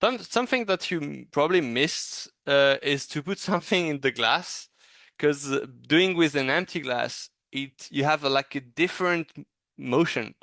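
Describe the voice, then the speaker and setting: A man giving a casual, encouraging animation critique in a thoughtful, halting way. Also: fairly high pitch, expressive, sharp tone, no room sound. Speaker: animation reviewer.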